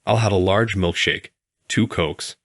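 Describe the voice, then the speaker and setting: Guy doing a huge hungry bug, real deep voice, polite, storybook. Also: unhurried, dry recording, clean studio sound. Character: giant hungry male bug, polite and starving.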